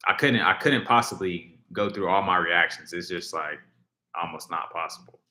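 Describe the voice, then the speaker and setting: A lowish male voice with a bright, forward edge, talking loosely to his live audience. He wanders through thoughts, leaning on fillers and restarting sentences. The sound bounces around a roomy space. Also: moderate pace. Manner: rambling, filler-heavy, frequent restarts. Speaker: livestream host reacting to music. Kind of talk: casual livestream chat, reading viewer comments. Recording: roomy echo.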